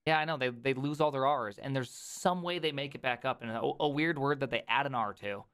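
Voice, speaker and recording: A man's voice: mid-range voice, a bit bright, smooth. A man from South Dakota hosting a casual chat, teasing his guest and laughing often. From South Dakota, US Midwest. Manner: joking, quick laughs, teasing. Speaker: podcast host.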